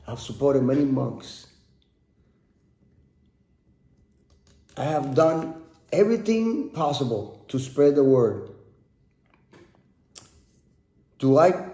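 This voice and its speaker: A man's voice: medium pitch, expressive, measured pace, dark tone. A man voicing a proud, powerful emperor who demands answers, in an echoey room. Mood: pleading. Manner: pleading then indignant questions. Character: proud powerful male emperor seeking praise.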